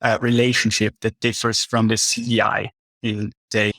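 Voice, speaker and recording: A man's voice: fairly low pitch, level tone, moderate pace, creaky, fairly bright tone, no echo. Affirming male webinar moderator. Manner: brief, affirming, reads out questions.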